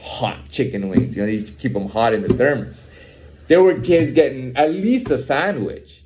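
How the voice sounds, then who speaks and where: A man's voice: medium pitch, expressive, normal speed, a little mellow. A man ranting in a heated, profane way, repeating himself and ending lines with "man". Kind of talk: candid personal rant.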